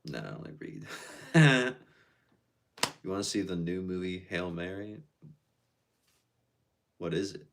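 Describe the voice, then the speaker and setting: A man's voice: deep voice, animated, takes it slowly, pauses often, background noise. A man casually chatting on a live stream, reading out viewer comments and answering them in a laid-back, slangy way.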